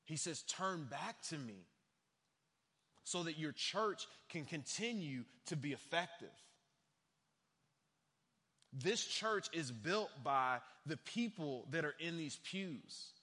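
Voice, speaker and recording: A young man preaching with animated energy, breaking into quoted voices. His tone is bright and forceful, sitting a little high. The sound carries a long reverb from a large church hall. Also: takes it slowly, slightly rough. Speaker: pastor. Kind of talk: sermon.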